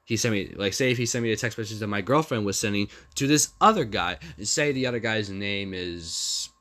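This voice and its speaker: Young man, low-pitched, bright edge, rambling vlogger with lots of restarts. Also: fairly quick. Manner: rambling and repetitive, with hesitant restarts. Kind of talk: casual commentary reading out text messages.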